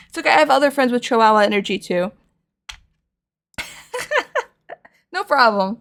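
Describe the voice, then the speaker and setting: A woman's voice: fairly high pitch, expressive, normal speed, long pauses, fairly bright tone. A young woman with a slight lisp chatting casually with her stream audience while painting, rambling and self-deprecating.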